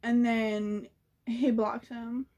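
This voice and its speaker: A young woman retells a story straight to camera, loose and slangy. Her voice sits a bit higher than most women's. She talks in a lively, gossipy rush of asides. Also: drawn-out words. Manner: chatty, slangy, animated retelling. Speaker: vlogger. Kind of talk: casual storytelling.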